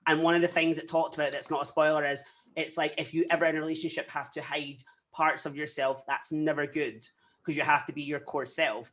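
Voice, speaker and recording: A young Scottish guest talking quickly and candidly in a relaxed interview. The voice sits a little high for a man, and the stories rush along, full of quoted asides and lively retellings. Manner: candid, animated storytelling with frequent quoted asides. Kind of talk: casual interview chat.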